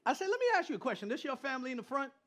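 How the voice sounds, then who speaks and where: A middle-aged man preaching a sermon as pastor, animated, repeating phrases and joking with the congregation. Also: very high voice, very fast. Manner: animated preaching with repetition and crowd banter. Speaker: pastor and Christian rapper.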